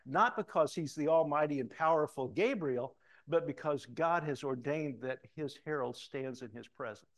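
A middle-aged man preaching a sermon, reading scripture aloud and breaking off into animated asides, loud for quoted lines and hushed for comments. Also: a little high, moderate pace, hardly any pauses. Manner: animated, swings between loud emphatic reading and quiet asides. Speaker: pastor.

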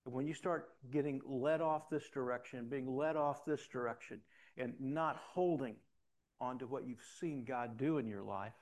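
A man's voice: medium pitch, unhurried, a little mellow. An older man, a pastor, preaching a sermon in a conversational storytelling way with frequent restarts.

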